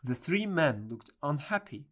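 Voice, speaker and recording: A reader narrating a storybook in a clear, measured delivery. Their pitch moves up and down widely as they go. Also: big pitch swings. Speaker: audiobook reader.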